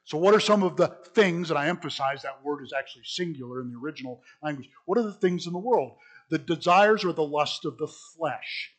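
A man preaching a sermon in a fairly high voice. He leans hard on key words, then drops to soft asides, and speaks to the room as folks. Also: lively intonation, fairly quick. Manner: emphatic, swinging between loud stresses and quiet asides; addresses listeners as folks.

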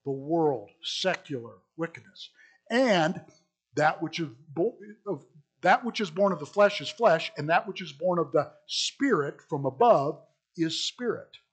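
A man preaching a sermon in a fairly high voice. He leans hard on key words, then drops to soft asides, and speaks to the room as folks. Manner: emphatic, swinging between loud stresses and quiet asides; addresses listeners as folks.

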